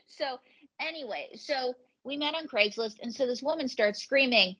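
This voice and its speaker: A woman's voice: high voice, a little slow, a bit bright, dull audio. A woman comedian and ventriloquist telling rambling, jokey anecdotes as a guest on a podcast. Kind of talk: comic storytelling in a podcast interview.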